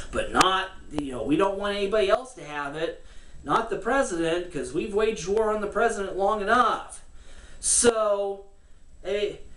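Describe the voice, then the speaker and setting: A woman's voice: lowish voice, distant mic. A woman giving casual, sarcastic political commentary, cursing and laughing as she rants. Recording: roomy echo, from the mic, faint noise.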